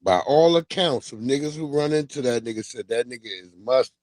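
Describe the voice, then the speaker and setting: A man hosting a livestream, chatting casually with animated, profane storytelling and laughs. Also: mid-range voice, a little fast, no room sound. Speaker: livestream host. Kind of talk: casual commentary.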